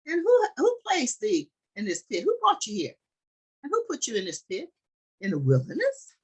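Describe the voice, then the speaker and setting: A woman's voice: a little high, wildly swooping pitch, moderate pace, husky, pitched above the performer's own voice, exaggerated voice. A woman voicing Midianite traders calling questions down to a youth in a pit, her voice raised and exclaiming. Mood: astonished.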